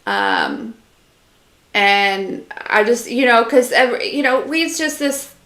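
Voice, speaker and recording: A woman's voice: on the high side, huge pitch swings, takes it slowly, fairly bright tone, echoey room. A woman giving a casual live-stream channeled message as an intuitive reader, rambling with lots of fillers, talking straight to her viewers and answering their comments.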